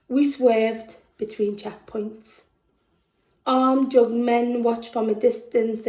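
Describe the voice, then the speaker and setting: A woman with a Scouse accent performing spoken word poetry at a festival, slow and measured, dropping to a hush on heavy lines. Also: on the high side, echoey room, poor audio. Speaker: poet. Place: festival venue indoors.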